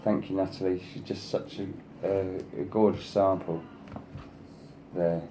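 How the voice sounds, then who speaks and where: Low, flat-voiced man gushing over crafts. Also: a little slow, background noise. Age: adult, sister past thirty. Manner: effusive, rambling with many "you know"s; coaxes his pet in a higher voice. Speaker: craft channel host showing design samples. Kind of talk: casual show-and-tell.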